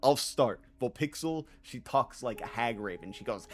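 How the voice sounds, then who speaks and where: A man's voice: mid-range voice, lively intonation, normal speed, few pauses, over music. A man streaming a game, chatting casually and reading chat aloud in a loose, joking, profane way.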